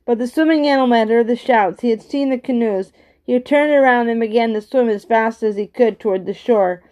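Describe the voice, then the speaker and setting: Reading a children's chapter book aloud at an unhurried pace, a woman uses a slightly high, somewhat mellow voice. She shifts only lightly for each character's lines and mostly stays in her own reading voice.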